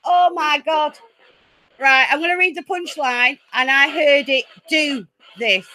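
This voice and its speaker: A woman hosting her own paranormal channel from home, chatty and easily excited, laughing often as she talks to her viewers. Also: sits high, unhurried, poor audio. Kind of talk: casual live chat. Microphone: laptop.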